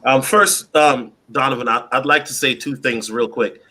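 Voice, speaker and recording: A man speaking as a panelist on a livestream, animated and often addressing the host. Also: mid-range voice, normal speed.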